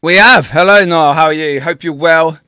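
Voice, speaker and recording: A man's voice: a little high, moderate pace, bright, forceful tone, clean tone. A man co-hosting a podcast, asking friendly questions and laughing often in casual chat. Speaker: podcast co-host.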